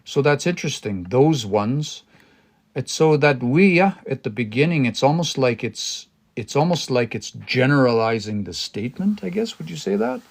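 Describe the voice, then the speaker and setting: A man's voice: mid-range voice, expressive, moderate pace, vocal fry. A man teaching a language on a livestream, thinking aloud and explaining word by word, with many restarts and hesitations.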